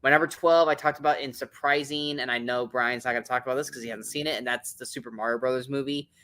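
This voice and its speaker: A man's voice: mid-range voice, fairly even intonation, quick pace, sharp tone. Blunt, swearing man ranking movies. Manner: blunt, opinionated, swears often, rambling restarts. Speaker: podcast co-host, movie reviewer. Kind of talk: casual podcast movie ranking.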